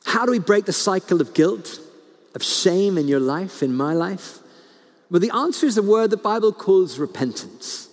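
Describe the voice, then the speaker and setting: A male pastor preaching a sermon, telling stories earnestly and slowing down to stress key words. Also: high voice, expressive. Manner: earnest storytelling, slows down for emphasis, frequent restarts. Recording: long hall reverb.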